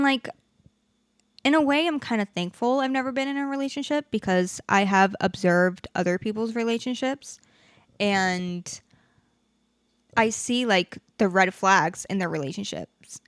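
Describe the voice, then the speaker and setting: A young woman hosts her own solo podcast, speaking at a measured pace in a medium-pitched voice. She vents animatedly and candidly, swearing often. The recording is dry and studio-quality.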